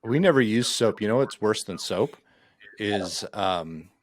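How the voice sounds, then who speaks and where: A man's voice: fairly low pitch, expressive, measured pace, no echo. A man hosting a casual podcast, teasing his co-hosts and asking questions. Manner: teasing, inquisitive. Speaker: podcast host. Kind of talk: casual chat.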